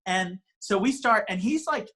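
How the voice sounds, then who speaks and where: Animated man telling a rambling comic story. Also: sits high, moderate pace. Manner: animated, rambling, self-mocking; frequent restarts, swearing. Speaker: comedian guest. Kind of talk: casual storytelling interview.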